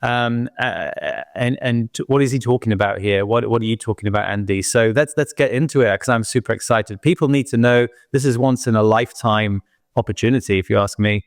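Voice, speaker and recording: A man's voice: mid-range voice, fairly quick, no echo, studio quality. A man from the United Kingdom with a British accent, a guest expert explaining a subject eagerly in an interview. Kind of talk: interview conversation.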